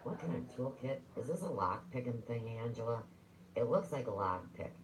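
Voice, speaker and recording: A man's voice: mid-range voice, lively intonation, moderate pace, slight background noise, poor audio. A man ranting on a livestream, rambling, sarcastic and full of swearing.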